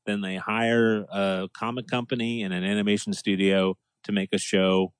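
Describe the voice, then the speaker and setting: Animated man from New England. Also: lowish voice, clear, resonant tone, no echo. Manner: animated, laughing, does quick impressions. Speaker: podcast co-host. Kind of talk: casual chat.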